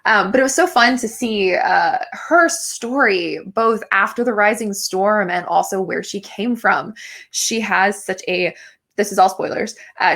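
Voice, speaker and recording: A woman's voice: mid-range voice, vocal fry, fairly bright tone. A young adult woman hosting a podcast, chatting casually and enthusiastically in a review, with lots of filler words. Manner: gushing, enthusiastic, many fillers. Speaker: podcast host.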